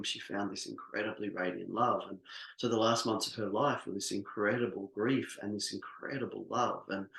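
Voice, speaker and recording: A middle-aged man coaching a live workshop, earnest and heartfelt, who often stops and restarts his sentences. His voice sits fairly low. The room has a noticeable echo. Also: creaky, a bit bright. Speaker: business coach. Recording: echoey room.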